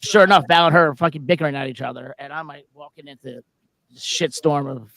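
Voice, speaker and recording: A man co-hosting a podcast, telling a story in a laid-back way, swearing freely and often dropping low and quiet. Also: fast, vocal fry. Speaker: podcast co-host. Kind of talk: casual storytelling chat.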